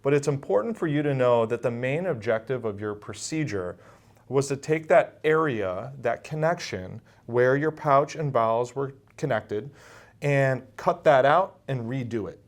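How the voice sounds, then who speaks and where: Middle-aged man, medium pitch, calm and patient; a surgeon explaining in an interview. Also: measured pace. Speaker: bariatric surgeon.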